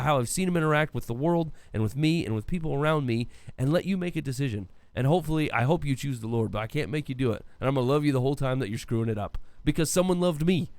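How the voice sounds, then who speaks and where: A man talks quickly and earnestly in casual podcast chat, giving preachy advice on youth ministry. His voice sits a bit high, and the sound is close and dry. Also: no room sound. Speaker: podcast co-host.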